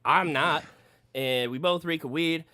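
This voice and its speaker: A man's voice: a little high, unhurried, no echo. A man casually telling a story in a podcast chat, cursing freely and acting out what people said. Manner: profane, animated storyteller acting out quotes.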